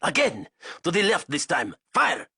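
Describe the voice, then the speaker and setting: A cruel, ambitious Soviet colonel, put on by a male reader for an audiobook. He yells his orders high and hard, and his voice stays rough and husky. The sound is dry and close. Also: big pitch swings, normal speed, no echo, exaggerated voice. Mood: barking orders. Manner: barking, shouted commands.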